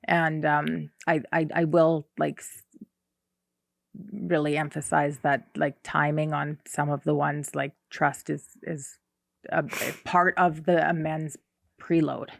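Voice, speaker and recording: A podcast co-host who shares thoughts on recovery in a reflective, halting way, often restarting sentences. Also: mid-range voice, flat delivery, gravelly, dry recording, studio quality. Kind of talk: casual recovery podcast chat.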